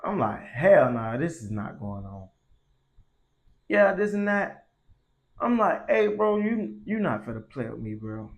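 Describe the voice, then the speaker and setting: A man's voice: a little high, very animated, unhurried. A young man telling a story casually, in slangy and profane speech that grows heated. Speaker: vlogger.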